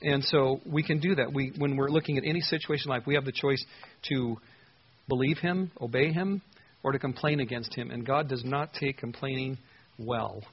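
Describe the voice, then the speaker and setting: A man's voice: mid-range voice, moderate pace, slightly rough, highs cut off. A man teaching through Bible verses in a conversational, earnest way, with emphatic stresses.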